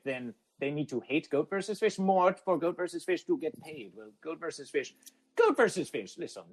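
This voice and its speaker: On a low-quality phone-app recording with a little hiss or hum, a man with a fairly high voice hosts an absurdist comedy podcast. He calls himself by name in the third person, avoids contractions in his formal speech, and repeats his catchphrases like a chant.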